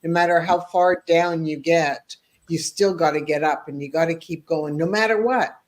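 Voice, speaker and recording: A man's voice: on the high side, normal speed. A man hosting a podcast, who answers his guest in an enthusiastic, heartfelt way. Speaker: podcast host. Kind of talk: casual chat.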